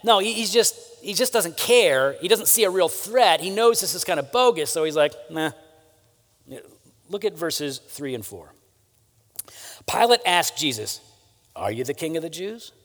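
Lively high-pitched male preacher. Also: moderate pace. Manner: conversational, asks "right?" often. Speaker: pastor. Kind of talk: sermon. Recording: long hall reverb.

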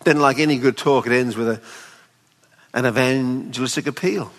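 A man preaching a sermon at a weekend away, expressive and pleading, often acting out the people in the story. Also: mid-range voice, normal speed. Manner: expressive, voices the father pleading tenderly. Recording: long hall reverb.

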